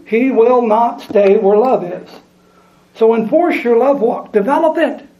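A man's voice: very high-pitched, takes it slowly. A man preaching a sermon, reading scripture aloud and repeating lines for emphasis. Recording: echoey room, dull lo-fi sound.

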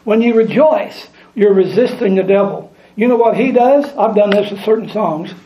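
A man's voice: high voice, normal speed. A man preaching a sermon, reading scripture aloud and repeating lines for emphasis. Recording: echoey room, dull lo-fi sound.

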